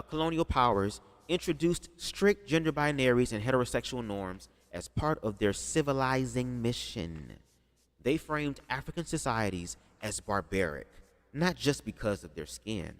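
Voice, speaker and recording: A man's voice: mid-range voice, big pitch swings, normal speed, long reverb tail. A man casually commenting on a livestream, talking loosely with plenty of swearing and calling out viewers in the chat. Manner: loose, profane, talks to the chat. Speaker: streamer reacting to a video.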